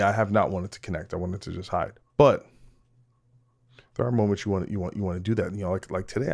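A male podcast host with a lowish voice talks alone to his audience in a casual, wandering way. He mocks himself, restarts his sentences, and swears freely. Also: vocal fry, darkish tone. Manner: rambling, self-mocking, frequent restarts and laughs; swearing, direct address to listeners. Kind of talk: casual solo podcast monologue.

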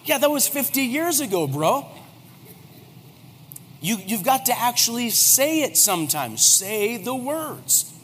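Male pastor, 40s, high voice, animated and joking; preached in a reverberant hall with faint noise. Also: a little slow. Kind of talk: humorous sermon.

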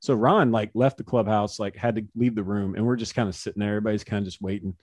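A man in his forties, a former pro pitcher, telling stories as an interview guest, chatty and laughing often, with lots of fillers. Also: fairly even intonation, quick pace, a little mellow, dry recording, clean studio sound. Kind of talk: casual storytelling in an interview.

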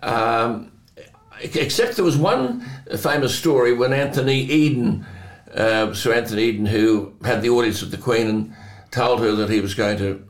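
A man's voice: medium pitch, roomy sound. Older man telling anecdotes. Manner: anecdotal, chuckling often, quick asides. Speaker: host. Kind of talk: conversational storytelling.

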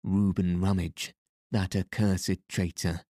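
A man reading the part of an elderly grimy trader who lisps and talks in a rasping, fawning way. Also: sits low, flat delivery, slow, mellow, no room sound, clean studio sound. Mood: wheedling. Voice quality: lisp. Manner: rasping, obsequious. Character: elderly grimy male trader, humble and wheedling.

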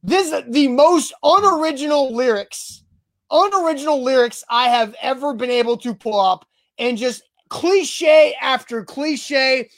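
A man's voice: very high-pitched, unhurried. A man co-hosting a sports talk show, ranting emphatically in a casual, exasperated way.

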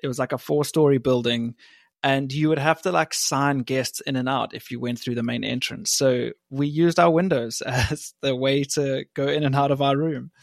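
A young man from England and South Africa, a podcast guest telling stories in a relaxed, laughing way. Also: mid-range voice, moderate pace, gravelly, no echo, studio quality. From born in England, raised in South Africa. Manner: laughing, self-deprecating storytelling. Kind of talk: casual chat.

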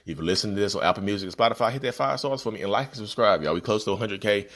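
A man's voice: lowish voice, expressive, racing, fairly bright tone. A man hosting a podcast who gives casual, earnest self-help advice, repeating his points and calling his listeners "y'all.". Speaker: podcast host. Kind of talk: casual motivational talk. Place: home, about to join a video call.

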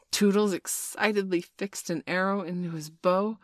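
A woman narrating a children's storybook in a measured, expressive read-aloud. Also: lowish voice, dry recording, clean studio sound. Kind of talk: storybook reading.

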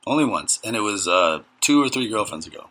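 A man's voice: on the low side, lively intonation, a little fast, sharp tone. A man, co-hosting a casual podcast chat and telling crude, joking stories. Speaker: podcast co-host.

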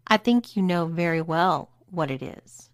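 A woman's voice: on the low side, expressive, a little slow, no echo, clean studio sound. A woman voicing a stern, bossy dominatrix who talks in a mocking, commanding way.

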